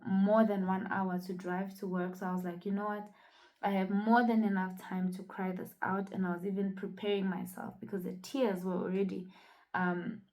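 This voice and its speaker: A woman's voice: medium pitch, a little mellow, rough recording. Earnest young woman telling her testimony. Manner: earnest, reflective, many fillers. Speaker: vlogger sharing a personal testimony. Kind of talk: casual personal storytelling.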